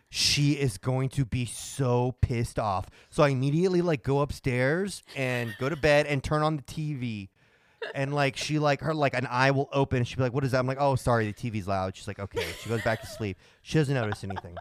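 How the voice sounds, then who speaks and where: A man's voice: mid-range voice, normal speed, no room sound, clean studio sound. A man co-hosting a podcast, telling an anecdote in a laid-back way and acting out the quotes. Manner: laid-back storyteller who acts out quotes. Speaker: podcast co-host. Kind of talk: casual chat.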